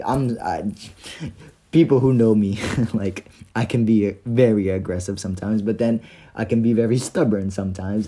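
A young man casually telling a story about his day, animated and profane, full of slang and fillers. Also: medium pitch.

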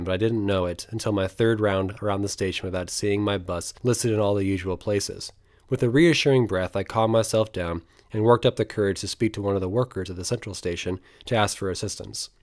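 A young man with a fairly low voice reads his own travel memoir aloud. He tells it in an earnest, reflective way. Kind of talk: memoir narration read aloud.

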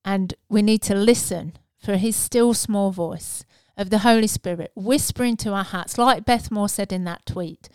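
A woman's voice: medium pitch, unhurried, few pauses, a little mellow, clear, resonant tone, no echo. Earnest woman giving a casual sermon. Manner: earnest, conversational, with fillers and restarts. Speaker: preacher.

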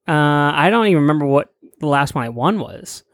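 A man's voice: a little high, expressive, a little fast, dry recording, clean studio sound. A young man co-hosting a casual podcast, rambling and swearing as he improvises silly stories. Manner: rambling, profane, jokey. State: hot and sweaty. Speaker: podcast co-host. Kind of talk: casual chat, improvised storytelling.

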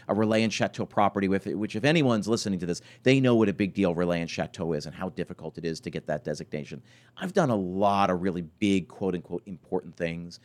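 A man in his forties, a podcast host and restaurant consultant, telling stories in a conversational interview with lots of restarts and fillers. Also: fairly low pitch. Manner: animated storytelling, many restarts and fillers.

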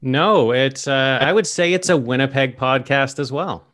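A man's voice: mid-range voice, measured pace, fairly bright tone. A man guesting on a casual podcast, eager and upbeat.

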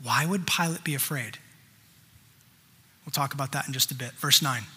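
Bright-voiced male preacher in a reverberant hall. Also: mid-range voice, normal speed, husky. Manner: reads scripture aloud and breaks in with emphatic asides. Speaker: pastor. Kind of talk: sermon.

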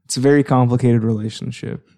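A man's voice: medium pitch, fairly even intonation, fast, dark tone. A man co-hosting a casual podcast, joking and laughing, often stumbling over restarts. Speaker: podcast co-host. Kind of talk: casual chat.

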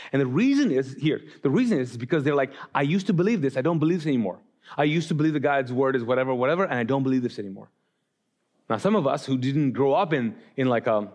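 A man's voice: mid-range voice, darkish tone. A male pastor in his forties giving a casual, conversational sermon, telling stories with lots of fillers and restarts.

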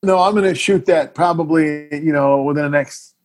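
A man's voice: a little high, normal speed. A middle-aged man, a filmmaker guest in a casual interview, telling a story animatedly and acting out the scenes.

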